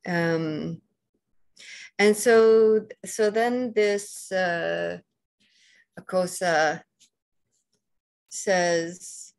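A woman with a Canadian accent giving a dharma talk as a meditation teacher, gentle and unhurried, pausing often with soft fillers. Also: on the low side, gravelly, clear, resonant tone. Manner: slow and gentle, with many pauses and fillers.

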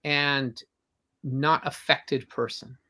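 A man's voice: medium pitch, flat delivery, drawn-out words. An older man, a comic artist guest, telling long anecdotes with frequent restarts in a casual interview. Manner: rambling, warm anecdotes with restarts.

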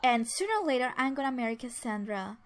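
A woman speaks fast in a voice on the high side, narrating a life-simulation game as a let's play. It's casual, chatty commentary in which she plays the sims' dialogue herself and restarts repeatedly.

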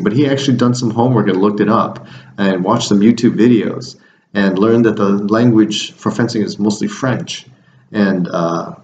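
A man's voice: fairly low pitch, roomy sound, a little hiss or hum, low-quality recording. A man who coaches fencing, talking through his week in a casual, rambling video diary with many restarts.

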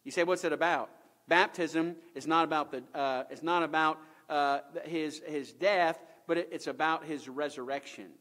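A man preaches a sermon from the pulpit, his voice sitting unusually high for a man. He drives his points home with emphatic repetition and rhetorical questions. His words ring out with a long echo through the church sanctuary. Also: steady tone, normal speed, fairly bright tone. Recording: echoey church hall.

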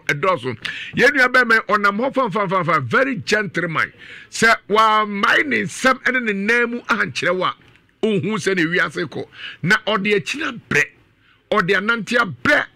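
A man with a Ghanaian accent hosting a radio talk show, reading listener comments aloud in a lively way. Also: high-pitched, creaky, dry recording.

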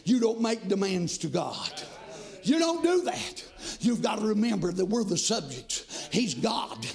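A man preaching a fiery sermon in a church, shouting in a sing-song cadence with frequent amens. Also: sits high, big pitch swings, a little slow, gravelly. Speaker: pastor. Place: church sanctuary.

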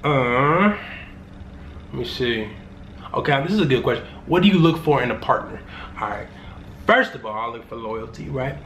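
A man's voice: medium pitch, animated, normal speed, long pauses, a bit bright, a little hiss or hum. A young man answering fan questions in a casual vlog, joking and rambling in loose, slangy talk. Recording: roomy room with faint ambience.

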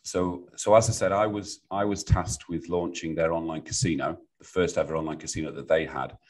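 A middle-aged British man, a guest on a business podcast, telling stories in a lively way and acting out what clients say. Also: deep voice, brisk. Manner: animated storyteller, acts out clients' voices. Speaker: business sounding board.

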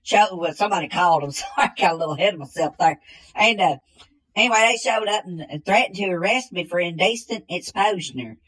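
A woman playing a slow-witted, bumbling country man in a comedy sketch, drawling and repeating the same catchphrase. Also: fairly low pitch, lively intonation, fairly bright tone, breathy edge, low-quality recording.

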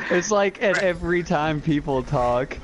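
Animated, joking young man gaming. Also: high-pitched, highs cut off, heavy background noise. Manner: joking, laughing, swearing, animated. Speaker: streamer playing a game with friends. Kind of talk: casual gaming banter.

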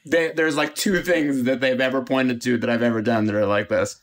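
A man's voice: medium pitch, steady tone, moderate pace. A man who is an actor and a guest on a podcast, telling a story with chuckles and a self-deprecating humor. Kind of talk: casual anecdote telling.

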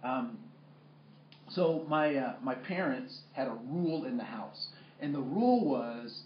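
A man's voice: mid-range voice, expressive, normal speed, a little hiss or hum. A man leading a workplace training workshop in a conversational way with many fillers, asking the room questions. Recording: echoey room, muffled sound.

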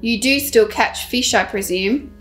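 A woman voicing a sleepy, laid-back male dog in a calm, drowsy manner. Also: on the high side, a little slow, soft background music.

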